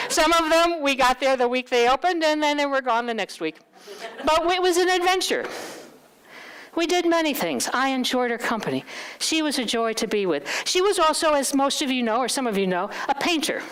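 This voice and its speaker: Woman, middle-aged, high voice, lively pitch, candid church talk, acts out dialogue. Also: normal speed. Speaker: guest speaker at a church. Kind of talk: personal storytelling talk.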